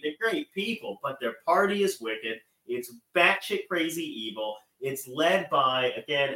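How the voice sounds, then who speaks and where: A man's voice: on the high side, sharp tone, reverberant, low-quality recording. A man from Maryland hosting a morning show, delivering a rambling, irreverent political monologue with swearing and asides.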